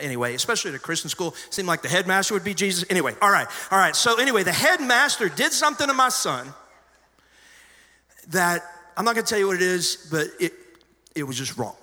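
A middle-aged pastor preaching a sermon, telling stories conversationally with sudden loud emphasis. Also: male voice, fairly high pitch. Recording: long hall reverb.

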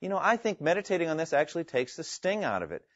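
A man's voice: fairly high pitch, very animated, fast talker, fairly bright tone, no echo, dull audio. A man teaching the Bible to a live class, earnest and emphatic as he reads scripture aloud, explains it and takes questions.

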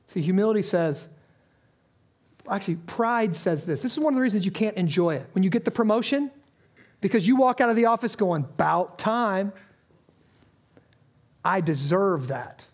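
A middle-aged pastor with a high voice preaches a sermon, shifting back and forth between impassioned calls and quiet, intense asides.

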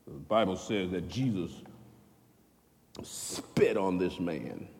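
A man preaching a sermon in a folksy, animated way, swinging between loud bursts and hushed asides. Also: low voice, slow pace. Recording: long hall reverb.

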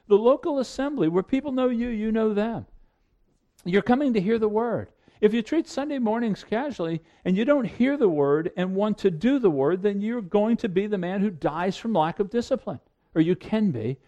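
Earnest pastor with a lively, swooping delivery. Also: male voice, high-pitched. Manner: earnest, pleading preaching with sudden swings between loud emphasis and quiet hush. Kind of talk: sermon.

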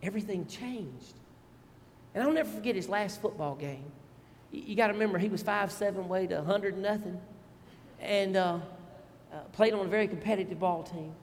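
A middle-aged male pastor, telling family stories in an animated, folksy sermon with asides to the congregation. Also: high voice, moderate pace, big-room sound, slight background noise. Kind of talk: storytelling sermon.

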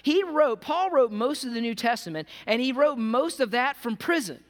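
High-voiced male pastor in an echoing hall. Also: fairly quick, hardly any pauses. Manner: swings between hushed earnest lows and loud animated highs; conversational, calls the audience "gang". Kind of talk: sermon.

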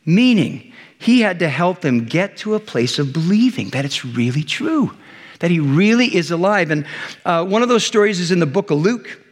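High-voiced pastor in a reverberant hall. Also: male voice, normal speed. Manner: conversational storytelling with lively voiced retellings. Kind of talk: sermon.

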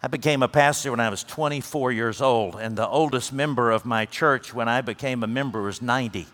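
Pastor preaching in a reverberant hall. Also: male voice, mid-range voice, brisk. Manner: earnest storytelling, rising to emphatic peaks then dropping soft. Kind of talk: sermon.

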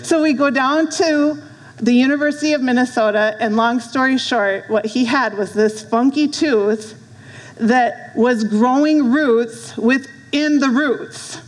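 Middle-aged woman, guest preacher, higher voice, earnest storytelling, long hall reverb. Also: a little slow. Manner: earnest storytelling with asides to the room. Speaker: guest speaker. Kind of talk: sermon. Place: church hall.

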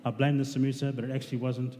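A man with a level, mellow mid-range voice races through a conversational sermon, asking his congregation questions. The hall is reverberant, with faint noise in the background.

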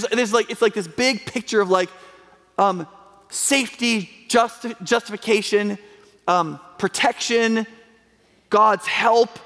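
A male pastor gives a sermon in a church hall, chatting as much as preaching. His voice sits high and has a gravelly edge. Long reverb from the large room trails behind every word. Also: fairly bright tone. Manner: conversational, acts out quoted voices, rhetorical questions.

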